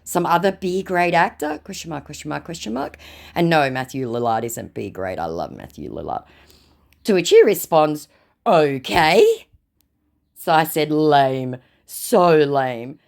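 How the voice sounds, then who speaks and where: A woman's voice: sits low, animated, a little slow, vocal fry, a little mellow. A woman narrating a storytime vlog, reading out chat messages in a sarcastic, mocking way. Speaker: vlogger recounting scam chats.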